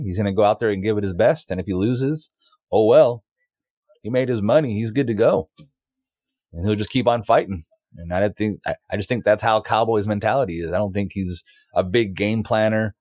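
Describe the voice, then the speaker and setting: Blunt low-voiced man, dry sound. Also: darkish tone, dry recording. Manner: blunt, confident opinions in short sentences. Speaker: podcast co-host. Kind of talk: casual sports chat.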